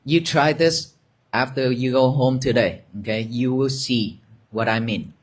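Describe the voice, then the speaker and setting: Male monk, mid pitch, very slow and gentle meditation guidance in a dharma talk. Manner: slow, gentle, repetitive guiding cues, soft at times. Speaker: Buddhist monk teaching meditation. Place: monastery gathering with an audience.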